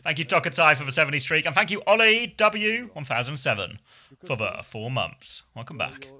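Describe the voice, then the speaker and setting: A man's voice: a little high, big pitch swings, moderate pace, sharp tone. An English man streaming esports, chatting casually with his chat in a self-deprecating way and calling play-by-play.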